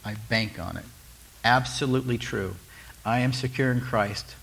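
A man's voice: medium pitch, normal speed, creaky, husky. A male pastor giving a conversational sermon, asking the listeners questions and changing his tone often. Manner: conversational, animated preaching with rhetorical questions.

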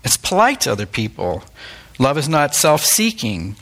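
Man preaching a sermon, gravelly fry in the voice, middle pitch, candid and self-deprecating. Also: huge pitch swings, normal speed, fairly bright tone. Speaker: pastor. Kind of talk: conversational sermon.

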